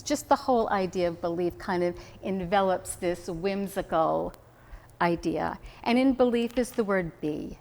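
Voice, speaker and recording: A woman minister giving a relaxed, conversational sermon, telling stories and laughing easily, recorded on a hidden mic at a spiritual center. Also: lowish voice, creaky. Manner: chatty storytelling, laughs easily. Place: spiritual center meeting room.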